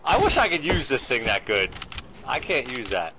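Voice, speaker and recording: Excitable dad streaming games, lively pitch. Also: male voice, normal speed, background noise. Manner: excitable, laughs often, thanks viewers by name. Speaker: gaming streamer playing with his son. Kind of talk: casual game-stream chat.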